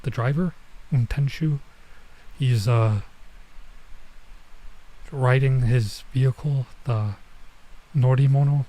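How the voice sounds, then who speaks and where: A man streaming as he reads a manga aloud, thinking out loud and hesitating while he works out translations. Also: medium pitch, takes it slowly, long pauses, rough recording.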